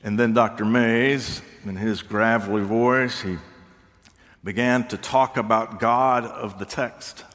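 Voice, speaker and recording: An older man preaching a sermon, reflective and unhurried, with touches of gentle humor. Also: on the low side, fairly even intonation. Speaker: pastor. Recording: long reverb of a large hall.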